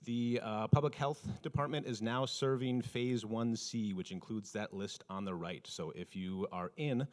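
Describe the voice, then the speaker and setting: A man's voice: lowish voice, a little slow, few pauses. A man hosting a community event, reading announcements casually with fillers and a joke. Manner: casual, joking, many fillers. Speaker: event host.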